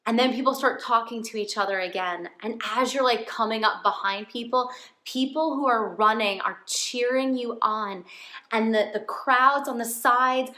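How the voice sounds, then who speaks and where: A woman's voice: a little high, normal speed, bright, forceful tone, echoey room. A woman talking in a casual personal vlog from her home, earnest and heartfelt. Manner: earnest, heartfelt, openly emotional. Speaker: faith vlogger.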